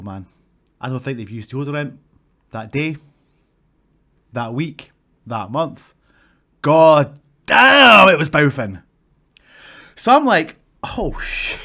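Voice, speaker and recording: A man's voice: a little high, sharp tone. A Scottish man, a wrestler, telling stories to camera in a casual vlog, swearing freely and acting out the people in them. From Scotland.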